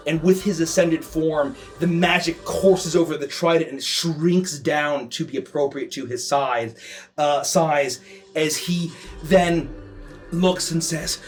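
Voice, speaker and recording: A man narrating a tabletop game as game master, with frequent ums and restarts. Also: a little high.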